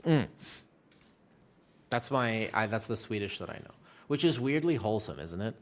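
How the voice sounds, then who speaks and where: A man with a low voice chats loosely with his viewers while he streams a game. He tells stories in an animated way, and his pitch swings widely from line to line. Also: normal speed. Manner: animated storyteller chatting with viewers.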